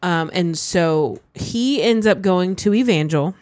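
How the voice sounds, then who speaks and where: A woman's voice: fairly low pitch, slow pace, dry recording. Matter-of-fact woman in dry podcast chat. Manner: plain, matter-of-fact, gently arguing. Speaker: podcast co-host. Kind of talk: casual chat.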